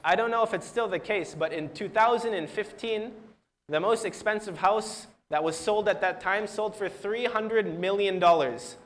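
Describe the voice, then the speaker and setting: A man's voice: sits high, moderate pace, a bit bright. A young man telling religious stories in an earnest way, acting out the quoted dialogue and often restarting words. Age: young adult. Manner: earnest storyteller who acts out quoted dialogue. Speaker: youth speaker. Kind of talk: religious storytelling talk.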